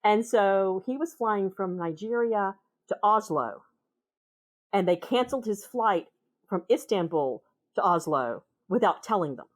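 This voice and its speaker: Woman with a Minnesota accent, chatty guest, animated anecdote-teller. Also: medium pitch, a little slow. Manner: animated, acts out voices in her anecdotes. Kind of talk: casual storytelling conversation.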